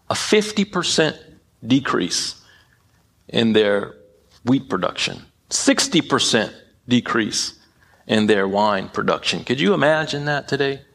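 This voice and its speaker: A man's voice: medium pitch, sing-song, unhurried, vocal fry, a bit bright. A man preaching a sermon in an emphatic way, often repeating phrases and tripping over his words. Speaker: pastor.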